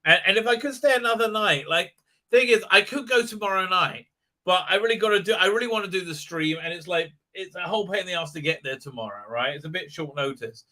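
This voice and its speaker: A man's voice: high voice, fast, sharp tone. A man hosting his live stream, rambling and stammering through crude jokes and mocking voices in casual chat. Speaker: livestream host.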